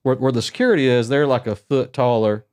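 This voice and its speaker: A man in his forties co-hosting a casual chat, telling a story in a rambling, self-mocking, animated way. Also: mid-range voice, a little fast, clean tone, no room sound. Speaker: podcast co-host.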